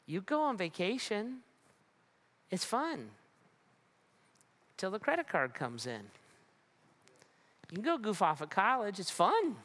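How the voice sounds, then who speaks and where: A pastor preaching a sermon in a conversational way, with humor and frequent restarts. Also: male voice, high-pitched, huge pitch swings, slow, long pauses, a bit bright.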